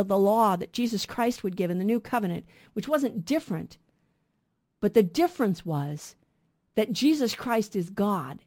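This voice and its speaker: A woman co-hosting a Bible show on the radio. She teaches with earnest emphasis, often posing questions to her listeners. Her voice sits a little high. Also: darkish tone. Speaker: radio Bible program co-host. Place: radio studio.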